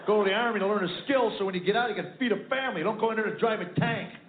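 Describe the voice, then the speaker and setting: A man's voice: high voice, racing, slight background noise. A middle-aged male comedian telling a family story on stage, acting out the dialogue with wry punchlines. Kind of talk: stand-up storytelling. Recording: echoey, tinny phone-like live recording.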